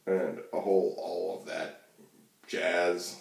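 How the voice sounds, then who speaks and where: A man's voice: deep voice, a little slow, long pauses, darkish tone. A man hosting his own channel, ranting about politics in a rambling, profane way with lots of fillers and restarts. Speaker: channel host. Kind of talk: casual political rant to camera. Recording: echoey room, mic far off.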